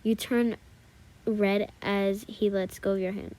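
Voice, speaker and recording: A woman reading second-person fan fiction aloud in a calm, soft narration. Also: mid-range voice, takes it slowly. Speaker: story reader.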